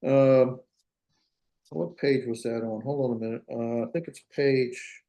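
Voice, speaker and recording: A man's voice: medium pitch, steady tone, a little slow, mellow, echoey room. Man teaching grammar in an online class. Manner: thinking aloud, many restarts and fillers; plain-spoken, jokes about himself. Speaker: Biblical Hebrew instructor. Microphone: computer mic in a video class.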